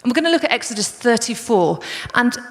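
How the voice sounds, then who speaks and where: A woman's voice: a little high, very animated, quick pace. A woman preaching a sermon in a conversational, storytelling way. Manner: conversational, storytelling, addresses the congregation as guys. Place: large church hall. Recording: long reverb of a church hall.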